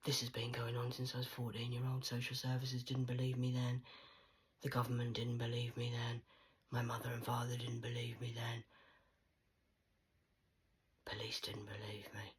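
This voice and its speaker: A woman's voice: very deep voice, monotone, moderate pace, pauses often, slight background noise. A woman in her forties telling a personal story in an agitated, profane monologue, often dropping to a whisper. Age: 40s.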